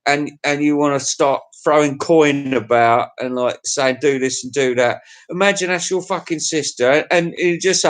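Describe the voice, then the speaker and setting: A middle-aged man with an English accent hosts a loose livestream chat, wandering from one thought to the next. He talks crude and chuckles to himself, and his voice sits a touch higher than most men's. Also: moderate pace, few pauses, clean tone. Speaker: livestream host. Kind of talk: casual chat to viewers.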